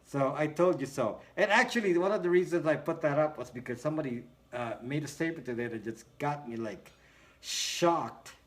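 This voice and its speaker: Speaking a little fast with lively intonation, this man's slightly high, somewhat bright voice fills a casual livestream. He responds to viewers' comments sarcastically, often laughing and wandering off on tangents.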